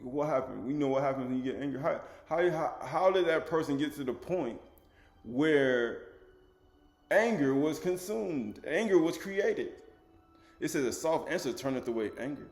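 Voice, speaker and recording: Man, sermon, slightly high voice, colloquial, rhetorical questions, echoey room. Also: expressive, moderate pace, a little mellow. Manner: preaching with rising emphasis and rhetorical questions; colloquial, acts out quoted speakers. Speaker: teacher.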